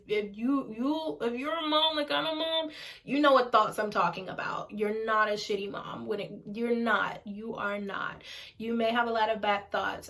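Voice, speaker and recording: A woman's voice: medium pitch, fairly bright tone. A woman in her twenties, a single mother, talking candidly to camera at home, frank and informal, swearing and repeating herself for emphasis. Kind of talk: candid casual talk to camera.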